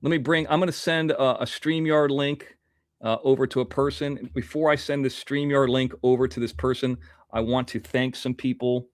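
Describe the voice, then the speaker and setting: A man's voice: mid-range voice, fairly even intonation, normal speed, no echo, clean studio sound. Rambling man hosting a livestream. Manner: rambling, reads out viewer donations. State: toothache. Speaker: livestream host. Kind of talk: casual livestream chat.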